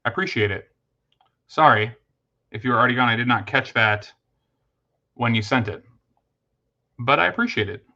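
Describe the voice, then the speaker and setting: A man's voice: mid-range voice, lively intonation, normal speed, long pauses, bright, forceful tone, muffled recording. A man hosting a casual late-night livestream, chatting with viewers and thanking them, with lots of fillers and restarts. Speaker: livestream host.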